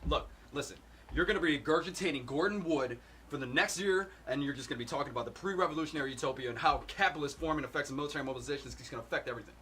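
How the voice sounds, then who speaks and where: A man reciting a film monologue as a sharp young working-class man who quietly and condescendingly takes a grad student apart. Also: a little high, rapid-fire, a little hiss or hum, natural voice. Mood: cutting. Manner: quiet, cutting, condescending put-down.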